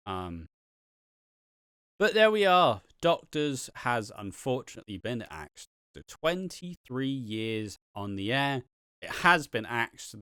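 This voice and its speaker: A man co-hosting a podcast, giving an animated, opinionated rant with plenty of swearing. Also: medium pitch, clean tone, dry recording, clean studio sound. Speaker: podcast co-host.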